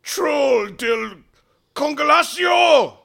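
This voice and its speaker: A man voicing a paladin who shouts a magic incantation. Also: very high-pitched, lively intonation, very slow, vocal fry, voice pushed up, exaggerated voice. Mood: commanding. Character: booming spell-casting paladin incantation.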